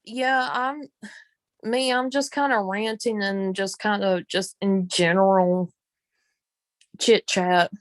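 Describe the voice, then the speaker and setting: A woman with a Southern US accent, chatting casually on a live stream, rambling with many pauses and ums while greeting viewers. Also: medium pitch, fairly even intonation, no room sound. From Southern United States. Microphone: phone.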